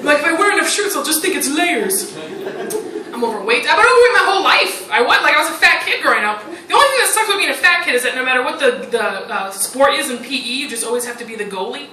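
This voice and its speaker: A woman's voice: high-pitched, animated, rapid-fire, few pauses. A woman performing a stand-up comedy set, chatty and self-mocking, with lots of "like" and "you know". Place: comedy club stage. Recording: roomy live recording from a distance with loud crowd noise.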